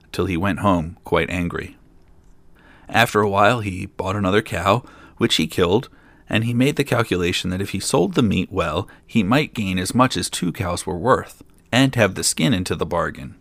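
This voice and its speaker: Male storyteller host, deep voice with some fry, dry wry asides, dead-dry close mic. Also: fairly bright tone, no echo. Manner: dry, lightly joking asides. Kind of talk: reading a fairy tale aloud.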